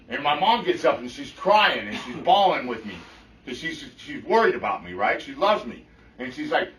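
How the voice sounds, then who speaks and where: A middle-aged man speaks to a meeting room, blunt and full of swearing, tossing "right?" at his listeners. His voice is bright and forceful, while the room around him rings and he sounds set back from the mic. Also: fairly high pitch, sing-song, fairly quick. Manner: blunt and profane, often checks in with "right?". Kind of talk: personal testimony to a group. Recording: echoey room, mic from far off.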